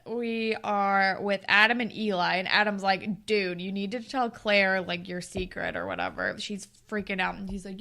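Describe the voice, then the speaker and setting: A young woman co-hosting a podcast, casually recapping a TV episode and acting out the characters' lines in quick impressions. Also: mid-range voice, animated, vocal fry, bright, forceful tone. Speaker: podcast co-host.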